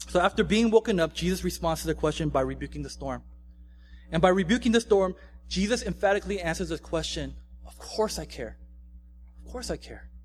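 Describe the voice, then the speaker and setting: A fairly high-pitched young man, a pastor, delivers a relaxed, chatty sermon over a little hiss or hum. He often checks in with his audience, tossing in "right?" again and again.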